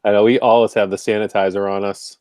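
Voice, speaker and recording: Man co-host, lowish voice, dry close mic, brick room at home, chatty and friendly. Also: little pitch movement, quick pace, darkish tone, no room sound. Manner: friendly, chatty, thanks viewers. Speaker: podcast co-host. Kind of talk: casual late-night live stream chat.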